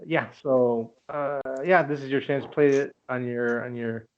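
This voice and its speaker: A man's voice: mid-range voice, fairly even intonation, normal speed. Joking man co-hosting a chat show. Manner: loose, joking, swears freely. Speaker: podcast co-host. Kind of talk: casual chat. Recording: dull lo-fi audio.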